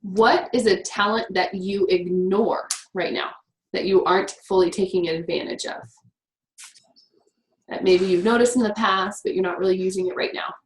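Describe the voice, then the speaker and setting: A woman leading a class through writing prompts, chatty and quick, with many "like" fillers. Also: medium pitch, steady tone. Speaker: workshop teacher. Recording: echoey room with faint noise.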